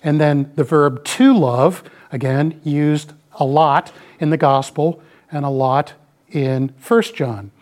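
A man's voice: fairly high pitch, takes it slowly, darkish tone. A man in his mid-sixties giving a folksy, rambling church talk, peppered with "you know.". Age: 60s. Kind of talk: informal sermon with slides.

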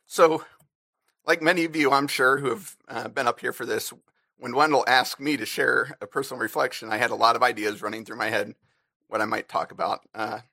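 A man giving a personal reflection to a church congregation, earnest and a little halting. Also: medium pitch, fairly even intonation, creaky, pushed and bright, no room sound, studio quality. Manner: earnest, halting with fillers, briefly emotional.

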